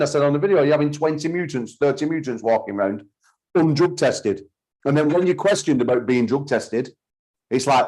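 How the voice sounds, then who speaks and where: A man's voice: on the high side, a little mellow, poor audio. A man, host of a call-in talk show, ranting heatedly and swearing often. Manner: heated, sweary, repeats himself. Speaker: podcast host.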